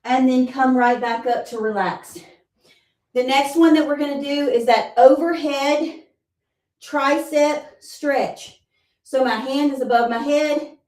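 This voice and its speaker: Breathless woman counting workout reps. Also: high-pitched. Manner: counts reps aloud, encouraging and reassuring. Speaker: fitness instructor. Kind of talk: live workout class instruction. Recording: roomy sound, mic at a distance.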